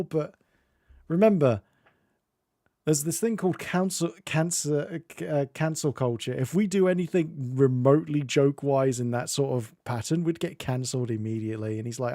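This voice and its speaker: A man hosting a game stream, telling stories in casual chat, laughing often and dropping into quick silly voices. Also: fairly high pitch, darkish tone, dry recording, clean studio sound. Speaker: streamer host. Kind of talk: casual chat while gaming.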